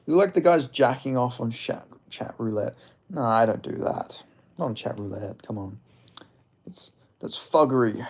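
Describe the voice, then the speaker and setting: A man's voice: medium pitch, moderate pace, husky. A man hosting a casual livestream, rambling about fights, reading chat aloud and jokingly apologizing. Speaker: livestream host.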